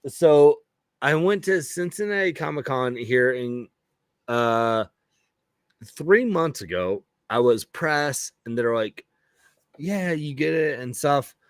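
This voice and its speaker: A man's voice: lively intonation, takes it slowly, clean tone, dry recording, clean studio sound. A man co-hosting a casual podcast, playful and teasing in how he talks. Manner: playful, teasing, jumps into high mock voices. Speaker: co-host.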